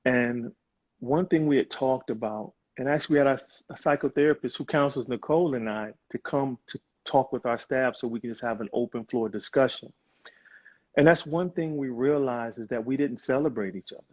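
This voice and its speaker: A man's voice: mid-range voice, a little fast, darkish tone, slightly rough. A man talking earnestly and reflectively in a casual live conversation, over a video call. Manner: earnest, reflective, with many fillers. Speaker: guest on a live video chat. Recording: muffled, lo-fi video call audio.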